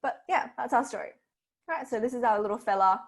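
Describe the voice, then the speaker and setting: A woman's voice: on the high side, a little fast, creaky. Chatty Australian woman tutor. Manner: chatty, many fillers and rhetorical "right?". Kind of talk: retelling a fairy tale in a seminar.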